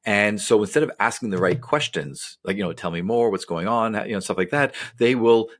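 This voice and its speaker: A man with a deep voice and a husky edge talks through ideas quickly on a podcast. He rambles, piles up fillers and wanders into tangents as he explains like a psychologist would. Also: lively intonation. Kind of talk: casual podcast chat.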